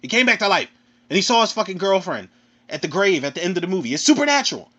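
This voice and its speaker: A man with a Philadelphia accent ranting casually through a film review, animated and profane, ending his phrases with "man". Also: high-pitched, quick pace. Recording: dull lo-fi recording.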